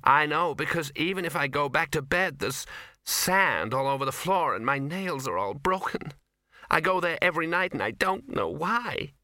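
A man voicing a fiery, paranoid young actress, speaking quickly with anguish and a sharp edge. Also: fairly high pitch, animated, no room sound, studio quality, voice pushed up. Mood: anxious.

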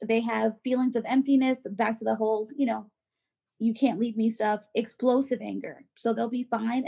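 Woman, podcast co-host, casual chat, husky gravelly voice, mellow tone, animated. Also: fairly high pitch. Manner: animated, acts out quoted voices, many fillers.

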